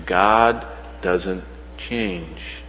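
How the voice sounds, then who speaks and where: A man preaching a sermon, swinging between loud emphatic lines and soft, slow ones. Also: deep voice, slight background noise. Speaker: pastor. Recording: long hall reverb.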